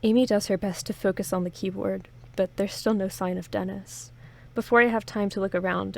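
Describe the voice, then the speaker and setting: Her voice is mid-range with noticeable vocal fry. She hosts a playthrough of an interactive horror story, reading it dramatically in first person and stepping out now and then for casual, joking asides.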